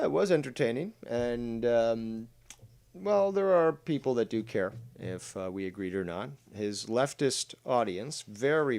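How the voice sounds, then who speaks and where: A man's voice: mid-range voice, darkish tone. A man hosting a casual livestream, talking bluntly with a lot of swearing and reading chat comments aloud. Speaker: host.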